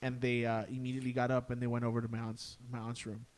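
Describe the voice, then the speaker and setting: Podcast guest, young man, mid-pitched, rambling ghost story full of swearing and filler words. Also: completely flat delivery, quick pace, darkish tone, clean tone. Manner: profane, peppered with "dude" and "like". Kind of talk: casual ghost-story telling.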